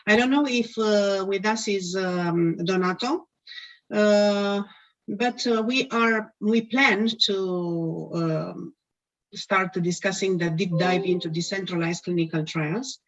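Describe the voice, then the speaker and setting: A woman hosting an online conference session, introducing speakers haltingly with many fillers, her voice strained as if she is losing it. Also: mid-range voice. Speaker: conference host. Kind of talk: hesitant live introduction. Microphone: video call. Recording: dull lo-fi video call audio.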